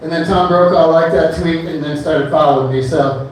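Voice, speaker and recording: A man's voice: on the high side, fairly even intonation, moderate pace, a little hiss or hum. A man performing a stand-up comedy set on a bar stage, rambling loosely with many fillers between one-liners. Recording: echoey club room from far off.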